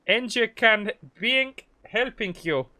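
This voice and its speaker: A man's voice: sits high, lively intonation, slow pace, bright, forceful tone, voice pushed up, heavily acted. A man voicing an eager foreign male fruit merchant in a mock German accent with broken, sing-song English. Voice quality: sing-song, ungrammatical pidgin phrasing.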